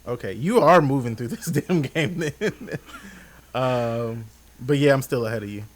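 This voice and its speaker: A man co-hosting a podcast in casual chat, relaxed and hesitant, with many fillers and restarts. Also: medium pitch, unhurried. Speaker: podcast co-host.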